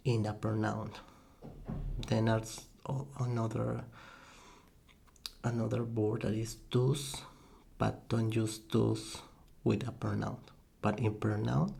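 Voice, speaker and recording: A man tutors in a slow, soft-spoken ASMR style, his low voice carrying a gravelly fry. He talks in a halting way and corrects himself often, letting out soft little laughs. The tone is mellow and close to a desk microphone. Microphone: USB desk microphone.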